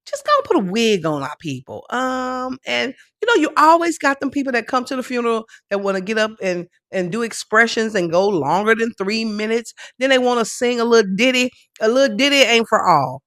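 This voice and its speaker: Animated woman host, bright and dry. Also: fairly high pitch, no room sound. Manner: animated, chatty and joking. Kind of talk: casual chat show monologue.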